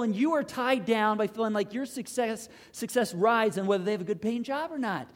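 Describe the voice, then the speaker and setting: A pastor preaching a sermon with impassioned swings between loud pleading and hushed intensity, driving home points with repeated rhetorical questions. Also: medium pitch, brisk, few pauses, big-room sound.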